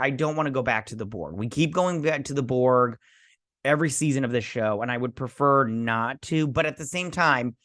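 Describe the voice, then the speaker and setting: A man giving a casual, rambling recap of a TV episode, chatty, with halting restarts. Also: mid-range voice, a bit bright. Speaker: show recap vlogger.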